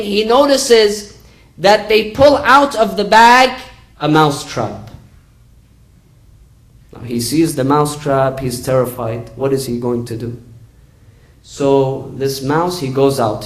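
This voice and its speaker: A man preaching earnestly and telling a fable, repeating his key phrases and rising in pitch for emphasis. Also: low-quality recording. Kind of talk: sermon with a told fable.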